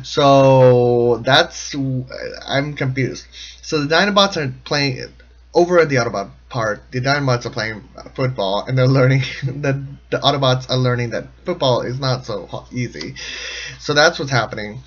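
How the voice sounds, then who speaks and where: A man talks through a cartoon episode in a loose, comedic commentary style. He rambles, restarts his thoughts and laughs in the middle of sentences. His mid-pitched voice comes through a slightly muffled, lo-fi home recording. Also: moderate pace. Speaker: show commentator.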